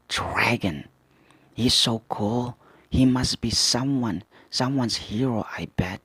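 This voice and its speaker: A man hosting a manga reaction, reading character lines aloud and commenting with excited asides. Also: lowish voice, breathy edge, no room sound.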